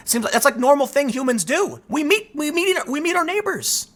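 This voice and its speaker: A man hosting a commentary show, ranting to his audience in an emphatic, animated way. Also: very high-pitched, a little fast, hardly any pauses. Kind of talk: opinion rant to camera.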